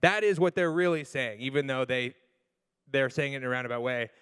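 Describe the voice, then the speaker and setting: A man comedian finishing a stand-up set, sarcastic, building up to a loud punchline. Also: mid-range voice, fairly quick, clear, resonant tone, long reverb tail.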